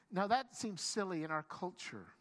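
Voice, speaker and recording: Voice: mid-range voice, a bit bright. A pastor preaching a sermon, telling the story with animation, acting out quoted lines and often stumbling into restarts. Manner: frequent stammered restarts.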